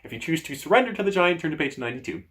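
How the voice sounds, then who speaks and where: A man's voice: on the high side, racing. Man reading a gamebook aloud. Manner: lively reading with casual asides. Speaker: host.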